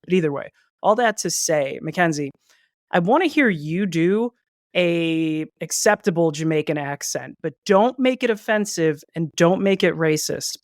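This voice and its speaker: A man's voice: fairly high pitch, no echo. A man co-hosts a podcast in loose, casual chat. He rambles, circles back, and drops in jokes. The mic is close and dry, with no room sound. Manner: rambling, joking, trails off into asides. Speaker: podcast co-host.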